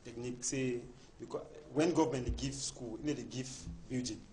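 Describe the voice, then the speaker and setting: A man's voice: mid-range voice, fairly even intonation, fairly quick, warm tone, a little hiss or hum. A man from Cameroon speaking Cameroonian Pidgin English as a panelist in a heated studio debate, emphatic and repeating words as he builds his points.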